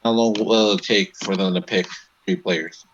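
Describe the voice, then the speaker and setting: A man co-hosting a live sports stream in a relaxed, casual way, chiming in with short replies and remarks. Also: low-pitched, normal speed. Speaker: co-host of a sports show. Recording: dull lo-fi sound.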